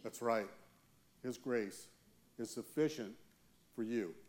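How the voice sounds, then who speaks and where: A man preaches a sermon as a church elder, earnest and deliberate, leaning on slow emphatic pauses. His voice sits at an ordinary middle pitch. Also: darkish tone, a little hiss or hum.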